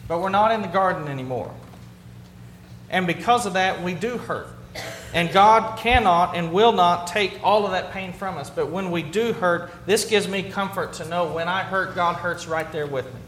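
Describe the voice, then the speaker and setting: A man preaching a sermon as a pastor. He drops to a hushed, low voice on key words, then builds back up. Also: moderate pace, a little hiss or hum. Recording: roomy, echoey hall.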